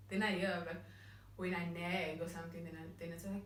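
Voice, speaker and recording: A Cape Town woman in her thirties, with the local accent, co-hosts a music vlog and talks fast in a fairly low, fairly bright voice. The discussion is casual, chatty and reflective, with many restarts. The room is echoey and the mic sits at a distance.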